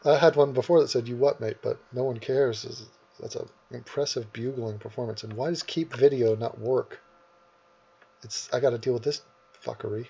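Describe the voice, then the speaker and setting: Gravelly man rambling while editing. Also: medium pitch, normal speed, warm tone, muffled recording. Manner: rambling and profane, with many asides. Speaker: YouTuber. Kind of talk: casual commentary while editing. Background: keyboard typing.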